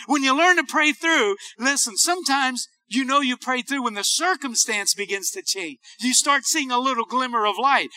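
A man's voice: extremely high pitch, bright, forceful tone, dry recording. A man preaching a fervent call-and-response sermon as pastor.

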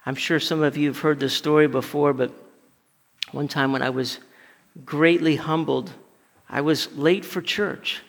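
A man's voice: fairly high pitch, steady tone, a little slow, vocal fry. A male pastor preaching a conversational sermon, telling stories and often stumbling over and repeating words. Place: church sanctuary. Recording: long hall reverb.

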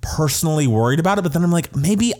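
A man's voice: a little high, lively intonation, fast, darkish tone. A young man co-hosting a podcast, chatting expressively, laughing often and slipping into sing-song asides. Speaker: podcast co-host. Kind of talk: casual chat.

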